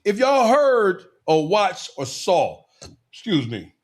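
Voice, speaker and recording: A man hosting a podcast who goes on an animated, mocking rant, full of profanity, and says he gets excited easily. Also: high voice, slow pace. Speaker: podcast host.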